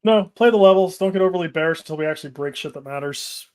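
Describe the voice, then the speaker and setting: A man sharing trading levels in a steady, matter-of-fact way during a casual chat. His voice sits a little higher than most men's. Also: quick pace. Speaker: trading analyst co-host. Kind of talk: casual market commentary.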